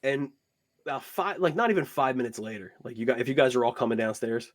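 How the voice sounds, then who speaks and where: A man running a tabletop game as game master, narrating in a loose, relaxed way full of casual filler words. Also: medium pitch, fast talker.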